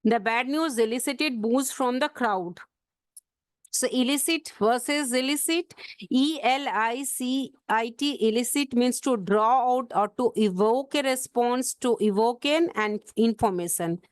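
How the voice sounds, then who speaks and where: A woman with a high voice teaches an exam-prep English vocabulary lesson. She spells words out letter by letter and slows right down to show the stress in each word. The sound is dry and close, with no room echo.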